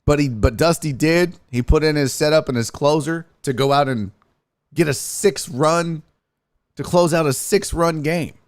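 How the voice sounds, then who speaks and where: A man's voice: fairly high pitch, normal speed. A man hosting a sports stream, ranting in a profane, exasperated way and mocking others in sing-song asides. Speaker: sports show host. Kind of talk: live-streamed sports rant.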